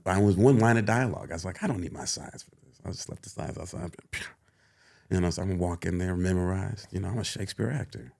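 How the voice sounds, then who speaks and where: Guy with a lowish voice telling lively showbiz stories, laughs a lot, does the other people's voices. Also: creaky. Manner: laughs often, acts out others in high voices. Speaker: guest actor. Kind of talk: animated storytelling.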